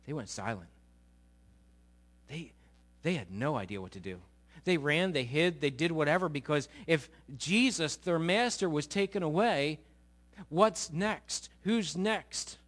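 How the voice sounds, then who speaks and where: A male pastor preaching a sermon, retelling stories with lively, animated delivery and repeated words. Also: fairly high pitch, measured pace.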